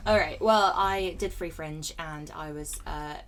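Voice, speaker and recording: A woman's voice: low voice, measured pace, crowd noise, rough recording. A young woman from Bristol with a Bristolian accent, a stand-up comedian chatting in a chatty, playful way. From England. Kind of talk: casual chat.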